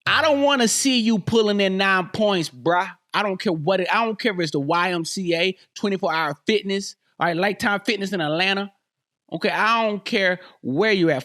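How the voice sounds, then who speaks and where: A man's voice: high voice, a bit bright. A man hosting a podcast, talking through his views in a casual, joking way and repeating lines to drive a point home. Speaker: podcast host. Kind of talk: casual solo commentary.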